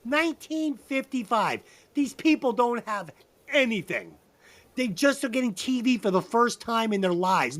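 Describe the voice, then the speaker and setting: A man co-hosting a comedy podcast, talking loudly and rambling, swearing freely and laughing often. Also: high-pitched. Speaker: podcast co-host. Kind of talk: casual comedy podcast banter.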